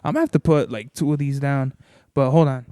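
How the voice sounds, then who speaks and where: A man's voice: medium pitch, steady tone, quick pace, dark tone, clean tone, dry recording, clean studio sound. A man hosting a podcast, telling a long, rambling story in casual, profane chat. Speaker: podcast host.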